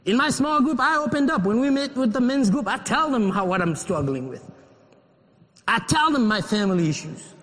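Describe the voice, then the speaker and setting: Fervent high-voiced preacher man. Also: very animated, normal speed, big-room sound. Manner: fervent preacher, rising to shouted pleas. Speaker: pastor. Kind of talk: sermon. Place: church.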